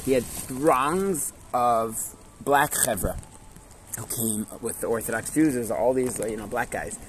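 A man's voice: medium pitch, a little slow, a little hiss or hum. A man teaching a Torah class through stories, in a casual manner that checks in with listeners and drops Hebrew and Yiddish words.

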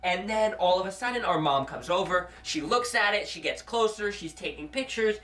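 Lively bright-voiced man, echoey room. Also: high-pitched, moderate pace, far from the mic. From Rhode Island. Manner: animated, restarts a lot, often says "boys and girls". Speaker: podcast host. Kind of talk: casual storytelling with siblings. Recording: echoey room, away from mic.

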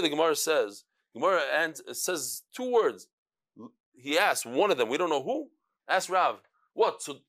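A man leads a Talmud class. His voice sits high and swoops up and down as he animates the people in the text. He scatters Hebrew and Yiddish terms through his explanations. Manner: animated, acts out quoted speakers, mixes Hebrew and Yiddish terms. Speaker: Talmud teacher.

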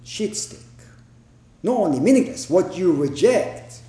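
A man giving a Zen dharma talk, plain-spoken and emphatic, with pauses and rhetorical questions, in a meditation hall. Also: sits high, sing-song, dark tone. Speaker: Zen teacher.

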